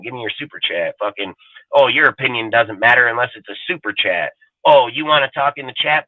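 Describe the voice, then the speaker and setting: A man's voice: medium pitch, no echo. A man hosting a fan channel livestream, ranting aggressively with heavy swearing and swagger. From California. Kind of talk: profane livestream rant. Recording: tinny phone-like sound.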